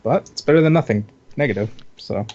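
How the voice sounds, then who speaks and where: Dude playing a tabletop rpg, eager and rambly, muffled lo-fi sound. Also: male voice, medium pitch, animated, brisk, a little mellow. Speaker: player. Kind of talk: casual game talk. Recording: muffled lo-fi recording.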